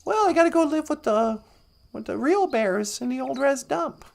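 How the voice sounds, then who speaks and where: Timid naive tiny cub, read by a woman, earnest and gravelly-high. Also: animated, moderate pace, darkish tone. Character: small timid naive stuffed bear cub.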